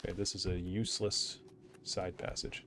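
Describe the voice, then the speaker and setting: Chatty, low-voiced male streamer. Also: little pitch movement, moderate pace, sharp tone, slight background noise. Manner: rambling, chatty, with fillers and asides. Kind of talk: casual gaming commentary.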